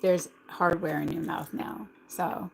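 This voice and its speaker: A woman's voice: lowish voice, fairly even intonation, unhurried, creaky, a little mellow, slight background noise, poor audio. A middle-aged American woman with a slight lisp, hosting a casual livestream and answering viewers in the chat. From United States. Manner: chatty, reads and answers the chat aloud. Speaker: livestream host.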